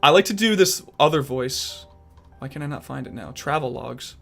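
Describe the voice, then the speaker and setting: A young man in casual chat who talks in an animated, sporadic way about trying to become a voice actor. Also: medium pitch, moderate pace, creaky, faint music behind. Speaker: aspiring voice actor and podcast guest.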